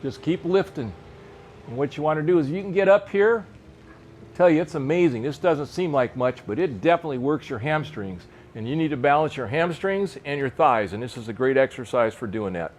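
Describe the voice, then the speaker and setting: On a covered veranda in a park, a man in his sixties nearing seventy shows fly fishers some fitness exercises, talking plainly and coaching as he moves. His voice runs on the high side with lively intonation and a slightly fast pace, and there's a little hiss or hum.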